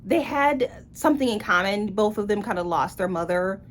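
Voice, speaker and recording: A woman's voice: mid-range voice, lively intonation, normal speed, slight background noise. A woman giving a casual book review in a blunt, sarcastic way.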